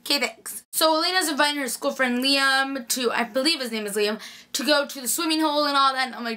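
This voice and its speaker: A woman's voice: sits high, quick pace, bright, forceful tone. A young woman chatting casually through a TV episode recap, gushing and full of "like". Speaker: TV recap vlogger.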